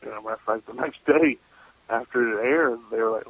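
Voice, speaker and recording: A man's voice: medium pitch, fairly even intonation, brisk, no echo. A man, a paranormal investigator, telling stories as a guest in a casual radio interview. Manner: casual, laughing, folksy storyteller. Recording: muffled radio call audio.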